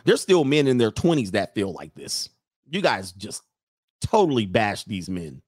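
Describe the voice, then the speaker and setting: A man's voice: lowish voice, very animated, a little slow, breathy edge, no echo. Mocking slangy man, dry close sound. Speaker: commentator reacting to photos. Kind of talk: casual on-screen commentary.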